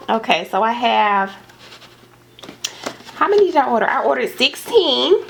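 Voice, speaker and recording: A young adult woman chatting casually in an unboxing vlog at home, gushing and excitable, calling her viewers y'all. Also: fairly high pitch, a little slow, creaky, pauses often, a little hiss or hum. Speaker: home decor vlogger. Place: home dining room.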